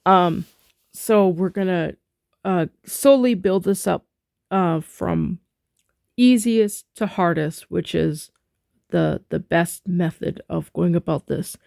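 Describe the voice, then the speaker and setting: A woman teaching a spoken rhythm lesson, chanting rhythm syllables between halting explanations. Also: on the low side, creaky, darkish tone, dry recording, clean studio sound. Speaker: music teacher.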